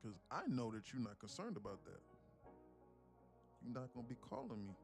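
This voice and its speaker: A man's voice: mid-range voice, big pitch swings, moderate pace. A man talking bluntly and profanely in a rambling way while day trading on a live stream. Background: music.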